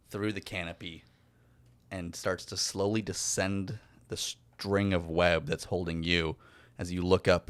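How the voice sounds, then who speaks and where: A man narrating as game master of an improvised fantasy game, chatty and relaxed, laughing often. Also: sits low, no echo.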